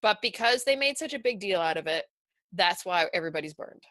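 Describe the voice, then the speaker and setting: A woman's voice: mid-range voice, expressive, brisk, fairly bright tone, no room sound. A woman hosting a casual gaming podcast, chatting and putting questions to her co-hosts. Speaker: podcast host. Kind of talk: casual chat.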